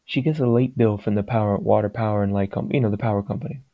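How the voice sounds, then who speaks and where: A man's voice: fairly low pitch, fast, dry recording, dull audio. A man giving his opinions in a casual, rambling monologue that wanders from point to point. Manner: rambling, digressive and plain-spoken.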